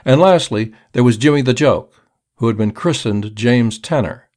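A man reading a crime story aloud in a measured storytelling manner. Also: medium pitch, a little mellow. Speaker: narrator. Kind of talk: audiobook narration.

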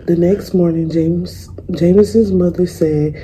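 Dark-voiced young woman reading aloud. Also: fairly low pitch, fairly even intonation, slight background noise, rough recording. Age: young adult. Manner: gentle, unhurried reading with small slips. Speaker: student reading a picture book aloud. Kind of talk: storybook read-aloud.

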